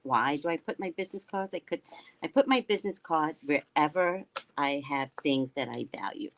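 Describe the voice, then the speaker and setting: A woman host with a notably low voice that swings widely in pitch, chatting loosely on a livestream. She rambles from topic to topic and reads out viewer comments as they come in. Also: animated, normal speed, slight background noise, low-quality recording. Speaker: psychic reader and livestream host. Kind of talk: casual livestream chat.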